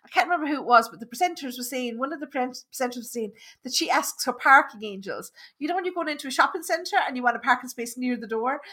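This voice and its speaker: An Irish woman hosts a casual interview, chatty and quick to laugh. Her voice is high and bright, and it swings widely in pitch. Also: expressive. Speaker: podcast host.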